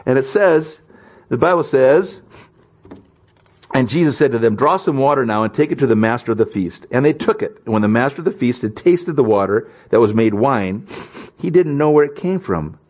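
A man's voice: medium pitch, animated, normal speed, darkish tone. A man preaching a sermon in an easygoing, conversational manner, telling stories with self-deprecating humor and acting out the voices in them. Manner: acts out quoted voices in stories. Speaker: pastor.

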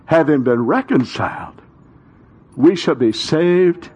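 A male pastor delivers a sermon with a husky, somewhat high voice. He swings his pitch widely and takes his time, leaning into call-and-response with the congregation and climbing into shouted declarations. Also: very animated, moderate pace.

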